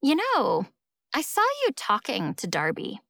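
A woman's voice: medium pitch, wildly swooping pitch, a little slow, creaky, fairly bright tone, no room sound, clean studio sound, exaggerated voice. A woman voicing a cold, possessive teenage schoolgirl who talks to her rival in an icy, taunting way.

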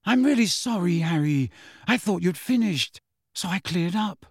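A man's voice: high voice, lively intonation, a little slow, slightly rough, no room sound, clean studio sound, voice pushed up, exaggerated voice. A man voicing an anxious, clever schoolgirl who nags with urgent warnings and pleading apologies, in a storybook reading. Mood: apologetic.

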